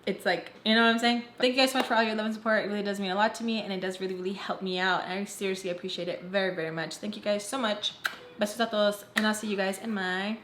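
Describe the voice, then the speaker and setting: A woman tells her viewers a personal story in a chatty, dramatic vlog style. Her voice sits in a middle pitch, recorded in an echoey room. A faint hiss of noise is heard behind her. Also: steady tone, very fast, a bit bright. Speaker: storytime vlogger. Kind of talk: casual storytime chat.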